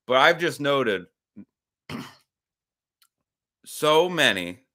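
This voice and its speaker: A man's voice: medium pitch, big pitch swings, extremely slow, bright, forceful tone. A man hosting a podcast livestream, rambling casually with some swearing and reacting to chat comments. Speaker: podcast host.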